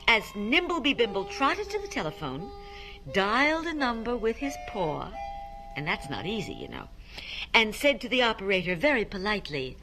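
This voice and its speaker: A woman reading a children's story aloud, animated and coaxing listeners to repeat tongue twisters. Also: medium pitch, moderate pace, faint music behind.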